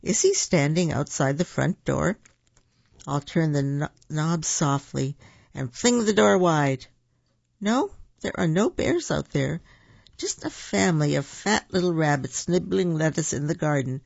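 A booming, teasing papa bear from a children's storybook, put on by a reader with a gravelly edge to the voice. He roars out his lines as he searches for his hiding cub. The recording is dull and dry, like old lo-fi tape. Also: animated, unhurried, darkish tone, no echo. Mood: playful. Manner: booming, roaring. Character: playful father bear who loves teasing.

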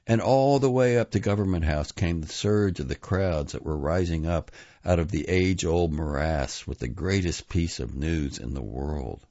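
A man reading literary prose aloud in a measured, grave manner, sometimes restarting long words. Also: deep voice, warm tone, no room sound. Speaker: reader. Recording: dull, slightly lo-fi dry recording.

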